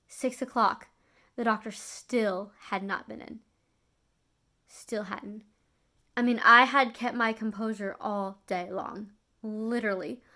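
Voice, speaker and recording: Young woman vlogger, slightly high voice, earnest and confiding storytelling, loose with fillers and restarts. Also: a bit bright. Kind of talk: emotional personal storytelling.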